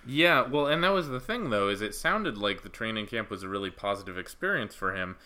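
A man co-hosting a casual review podcast, recapping plot points in a steady, explanatory way. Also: fairly low pitch, brisk. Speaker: podcast co-host. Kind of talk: casual anime review chat.

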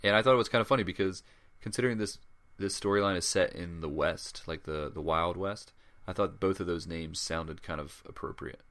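A man's voice: low-pitched, a little fast, fairly bright tone. A man co-hosting a podcast in casual chat, rambling with lots of fillers and restarts. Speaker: podcast co-host.

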